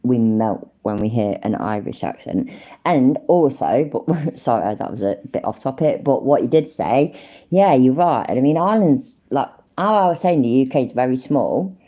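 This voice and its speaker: A woman's voice: a bass voice, expressive, normal speed, dark tone. A woman with a Leicester accent chatting casually on a live stream, rambling and swearing freely with frequent laughs. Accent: Leicester English.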